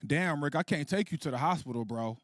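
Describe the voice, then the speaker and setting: A man voicing his young street friend, who flatly apologizes that he can't help because of his warrants. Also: a little high, fairly quick, no echo, studio quality, voice pushed down, lightly acted. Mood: flat, apologetic.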